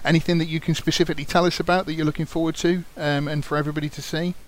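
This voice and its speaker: Male interviewer, slightly high voice. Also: flat delivery, racing. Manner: friendly, laughs often, repeats words when starting. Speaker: interviewer, host. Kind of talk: casual interview chat.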